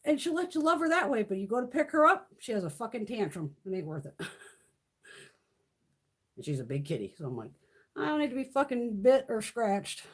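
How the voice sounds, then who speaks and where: A middle-aged woman talks through a casual beauty live stream from her home, her voice slightly husky and a touch high. Her pitch swings widely as she chats, curses freely and coos softly at her cats. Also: very animated, fairly quick, pauses often. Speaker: beauty vlogger.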